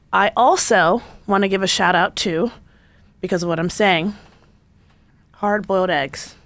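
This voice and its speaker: A woman hosting her podcast, delivering a playful, jokey solo monologue with animated asides. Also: medium pitch, no echo. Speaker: podcast host.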